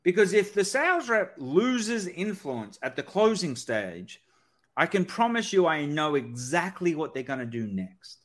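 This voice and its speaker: A man speaking as a sales expert guest in a conversational podcast, energetic and acting out sales-call dialogue. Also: fairly high pitch, a little slow.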